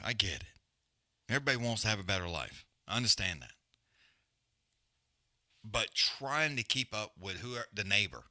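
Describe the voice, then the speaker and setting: Guy ranting on his live show, cussing nonstop, repeats himself a lot, really bright sharp voice. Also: on the low side. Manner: blunt, heavy swearing, emphatic repetition. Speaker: podcast host. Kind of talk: profane rant on a live stream.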